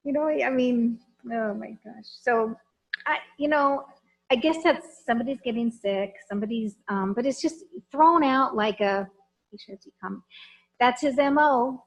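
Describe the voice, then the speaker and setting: Woman trainer, a bit high-voiced, frank and emphatic, chatty lecture that keeps asking the room questions. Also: measured pace, low-quality recording. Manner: lively, talks straight to the audience with questions.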